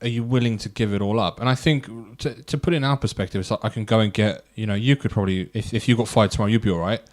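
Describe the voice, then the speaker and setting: Young guy, lowish voice, rambly podcast chat with loads of ums and likes. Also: quick pace. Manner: rambling, thinks aloud with many fillers. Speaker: podcast co-host. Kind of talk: casual chat.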